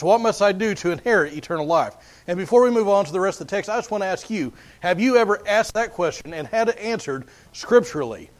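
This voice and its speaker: A man preaching a sermon in an earnest way, often repeating words as he builds his points. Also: high-pitched.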